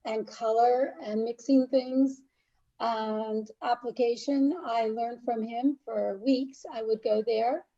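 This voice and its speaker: Animated storytelling woman, mellow voice. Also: on the high side, slow pace, creaky, dull audio. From Albany, New York. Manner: animated storyteller, laughs often, acts out dialogue. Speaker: makeup artist, podcast guest. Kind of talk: storytelling interview.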